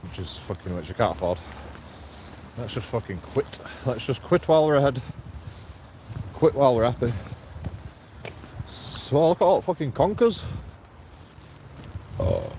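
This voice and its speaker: A man's voice: medium pitch, sing-song, moderate pace, pauses often, poor audio. A man vlogging as he walks outdoors. He rambles, swears, jokes and laughs at himself while talking to his viewers. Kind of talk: casual walking vlog, talking to viewers. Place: outdoors, walking through streets and a graveyard. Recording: loud wind noise on an outdoor mic.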